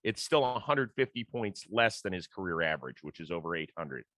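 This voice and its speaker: A man's voice: low-pitched, very animated, a little fast, fairly bright tone, dry recording. A man hosting a casual sports talk show, chatting easily and telling stories from his early career as a reporter. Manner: conversational, storytelling, laughs easily. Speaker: podcast host.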